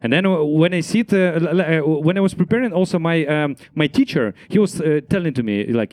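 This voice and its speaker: A young comedian with as his tells stories, his voice climbing and falling in wide swings and sitting a little high. He talks in an animated way, packed with fillers and bursts of laughter. The sound is close and dry. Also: brisk, hardly any pauses, no room sound. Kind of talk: casual panel chat on stage.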